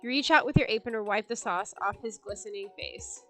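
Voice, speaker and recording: A woman's voice: medium pitch, lively intonation, brisk, fairly bright tone, faint music behind. A young woman streamer reading a video game's text aloud, joking and swearing casually as she plays. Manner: playful, jokey, swears casually. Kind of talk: reading a game aloud with commentary.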